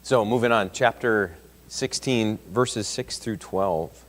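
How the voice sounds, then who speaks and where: A man's voice: lowish voice, slow, long reverb tail. A man teaching a Sunday school class, talking conversationally and reading scripture aloud with rising emphasis. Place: church classroom.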